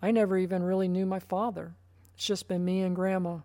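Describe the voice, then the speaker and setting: A woman's voice: on the low side, flat delivery, a little fast, dark tone, dry recording, studio quality, lightly acted. A woman voicing an agreeable young female office assistant in a story she narrates. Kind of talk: first-person story narration.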